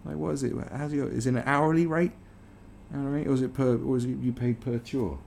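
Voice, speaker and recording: A man's voice: medium pitch, fairly even intonation, fairly quick, gravelly, a little mellow, slight background noise. A British man ranting in disbelief as he reads and reacts to an article, swearing often. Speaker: commentary host. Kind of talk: reaction commentary.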